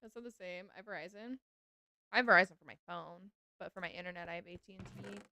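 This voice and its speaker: A woman's voice: lowish voice, quick pace, pushed and bright, a little hiss or hum. A woman streamer chatting casually with her chat while playing a game. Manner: chatty, answering chat as she plays.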